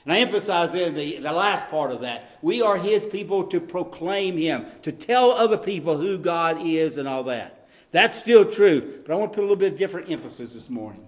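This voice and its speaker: Male pastor, sermon delivery, a touch higher-pitched, earnest, swells on scripture, drops low for emphasis, occasional ums. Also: expressive, brisk. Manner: earnest preaching, swelling on scripture and dropping low on key lines.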